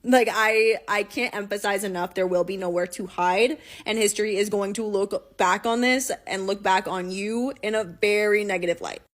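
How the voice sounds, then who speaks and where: A woman's voice: medium pitch, fairly even intonation, normal speed, hardly any pauses. A woman speaking to camera in an emphatic, vowing tone. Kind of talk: impassioned speech to camera.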